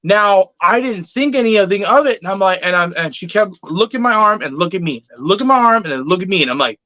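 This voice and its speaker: A man with a high, sharp, bright voice tells a story casually and with lots of energy, swearing freely and acting out each exchange. The sound is dry and close, with a dull, lo-fi quality. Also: fast talker, no room sound. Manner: animated, swears freely, acts out quotes. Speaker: reptile keeper telling a story.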